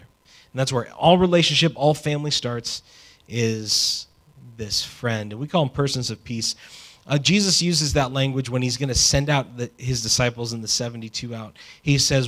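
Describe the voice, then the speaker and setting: Male pastor, casual and animated, mid-pitched, preaching a sermon. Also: moderate pace. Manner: conversational, animated preaching with asides.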